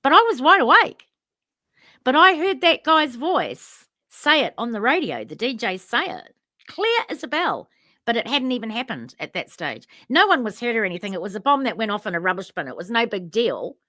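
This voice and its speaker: A New woman telling a personal story on a chat show, her voice bright and ringing and swooping up and down as she plays out each side of the exchange. She sits a little higher than most women, and the sound is close and dry. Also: moderate pace, no room sound. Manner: animated, acts out both sides of remembered conversations. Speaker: podcast co-host.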